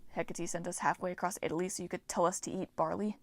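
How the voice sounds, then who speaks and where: A gloomy teenage boy mutters in a low, deadpan way, as a woman narrator puts him on. The sound is dry and close. It is an audiobook reading. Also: fast talker, no room sound, lightly acted.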